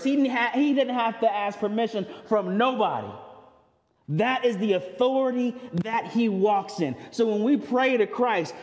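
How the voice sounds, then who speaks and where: A man preaching with lively, informal energy, dropping into slang and swinging from punchy emphasis to hushed asides. His voice sits a bit higher than most men's and carries a long reverb tail from a large hall. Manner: casual, conversational preaching with slang; animated, swings from loud to quiet. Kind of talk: sermon.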